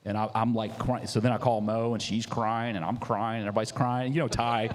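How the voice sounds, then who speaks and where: A young man, a coffee business founder, telling his story in a casual interview, animated and slangy, acting out what people said. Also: mid-range voice, a little fast, few pauses. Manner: animated, slangy, acts out quotes. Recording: reverberant hall.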